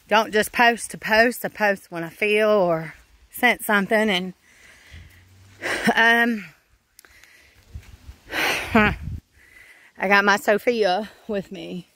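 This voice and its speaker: A woman's voice: mid-range voice, slow, long pauses, pushed and bright, no echo. A woman homesteader, talking frankly to her phone outdoors on her farm, rambling with sighs and fillers. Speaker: homesteader vlogger. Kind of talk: casual talk to camera.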